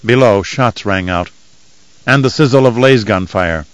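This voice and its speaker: A man reading an audiobook in measured, even scripted narration. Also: lowish voice, no echo, low-quality recording.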